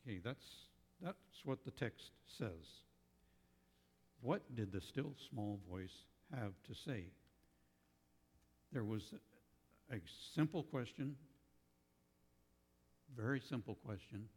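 A man preaching a sermon in a slow, thoughtful way, pausing often and restarting his phrases. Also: medium pitch, expressive, a little mellow, husky, long reverb tail.

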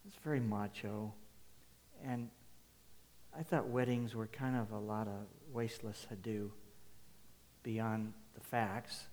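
A man preaching a sermon, emphatic, swinging between loud declarations and hushed asides. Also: on the low side, fairly even intonation, takes it slowly, pauses often. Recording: long hall reverb.

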